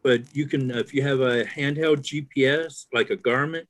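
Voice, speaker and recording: A man's voice: medium pitch, steady tone, moderate pace, a bit bright, a little hiss or hum. A man chatting casually on an online call about fishing gear, rambling with many fillers. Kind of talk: casual chat.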